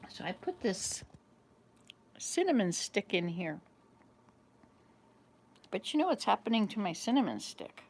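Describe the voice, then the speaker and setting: Very animated yet unhurried, this woman speaks at medium pitch and pauses often. She's a vlog host in her fifties, rambling through home stories to a small camera and laughing a lot.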